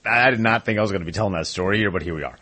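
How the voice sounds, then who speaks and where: A man's voice: deep voice, rapid-fire, pushed and bright. A man co-hosting a talk show, telling a joking, wry story in casual chat. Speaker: co-host.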